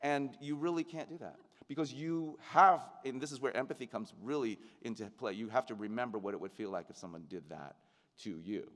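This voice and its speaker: A middle-aged man gives a commencement speech in an earnest, reflective way, at a middle pitch. His voice carries a long reverb from a large venue and reaches the podium mic. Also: fairly quick, a bit bright. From United States. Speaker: commencement speaker, actor.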